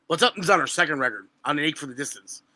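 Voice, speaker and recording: A man, telling stories on a podcast in an animated, profane way. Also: fairly high pitch, very fast, a loud crowd. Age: 20s. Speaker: guest musician. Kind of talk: casual podcast chat.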